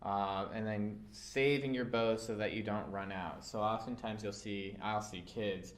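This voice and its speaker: A man teaching a violin part, calm and patient, with frequent fillers as he explains. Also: on the low side, unhurried. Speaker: orchestra teacher. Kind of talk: instructional walkthrough.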